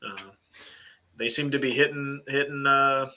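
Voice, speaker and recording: A young man co-hosts a wrestling podcast with a very bright, cutting tone and an average pitch. He talks in a loose, joking way and often trails off and starts again. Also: measured pace. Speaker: podcast co-host. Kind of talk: casual chat.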